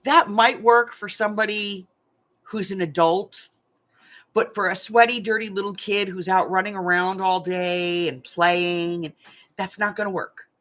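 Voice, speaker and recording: A woman's voice: mid-range voice, steady tone, a little slow, a bit bright. An older woman, a craft channel host, chatting frankly and laughing as she tells family stories. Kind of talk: casual storytelling chat.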